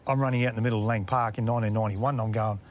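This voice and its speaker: A man, a former referee telling stories in a relaxed interview and chuckling at his own anecdotes. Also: on the low side, racing, a little hiss or hum. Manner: laid-back yarn-spinner, acts out quotes, chuckles. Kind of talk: casual storytelling interview.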